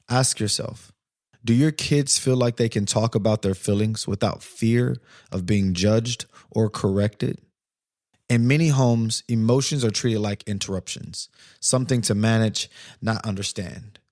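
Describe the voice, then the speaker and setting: A man's voice: fairly low pitch, darkish tone, no echo, studio quality. A man in his thirties hosting a podcast, telling a personal story and then giving earnest, reflective advice straight to listeners. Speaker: podcast host. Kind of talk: podcast monologue on parenting.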